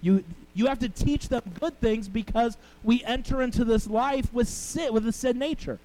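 A man's voice: very high-pitched, moderate pace, dark tone, poor audio. A middle-aged male pastor preaching a sermon, telling family stories and talking with the congregation. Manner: storytelling, conversational with the congregation.

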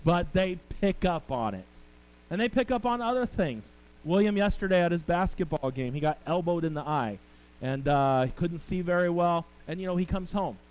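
Preaching with a storyteller's touch, a middle-aged pastor shares family stories and converses with his congregation. His high-sitting voice is expressive, a little mellow, clear and resonant, at a moderate pace, though the recording itself is rough.

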